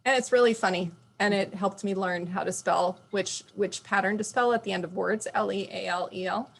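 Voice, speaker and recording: A woman's voice: mid-range voice, moderate pace, creaky, slight background noise. A woman teacher presenting spelling patterns in an online meeting, explaining and correcting herself as she goes.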